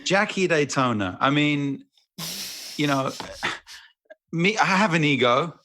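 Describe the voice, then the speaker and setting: A man's voice: on the high side, animated, takes it slowly, bright, forceful tone, a little hiss or hum. A man with a British accent, a guest on a podcast, chatting playfully and slipping into impressions. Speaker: guest actor. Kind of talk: casual interview chat.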